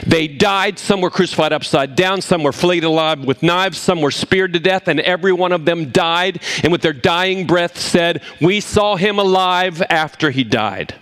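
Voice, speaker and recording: A man preaching a sermon, animated, swinging between emphatic points and low, quiet asides. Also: normal speed, hardly any pauses. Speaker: pastor.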